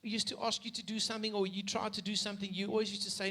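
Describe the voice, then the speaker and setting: A man's voice: high-pitched, flat delivery, very fast, pushed and bright. A man, a pastor who interviews a church member by retelling her story back to her, with frequent restarts. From South Africa. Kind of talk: sermon interview. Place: church stage.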